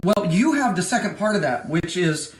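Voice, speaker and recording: A man with a high voice hosts a casual talk show, eager and quick to jump in. His voice carries a noticeable room echo. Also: animated. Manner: enthusiastic, quick, interjecting. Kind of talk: casual chat.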